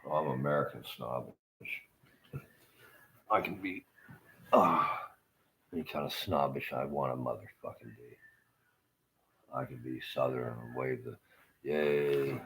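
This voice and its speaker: Very deep-voiced, profane rambling man. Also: a little slow, pauses often, fairly bright tone, rough recording. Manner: profane, meandering, full of fillers. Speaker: livestreamer. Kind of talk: rambling casual monologue.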